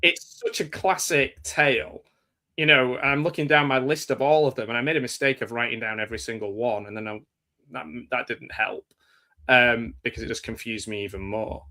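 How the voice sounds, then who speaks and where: An English man hosts a casual live chat about films, rambling and hesitant, stopping and restarting sentences and relying on "um" and other fillers as he thinks aloud. His voice is bright and forward, medium in pitch, with a steady tone and normal speed.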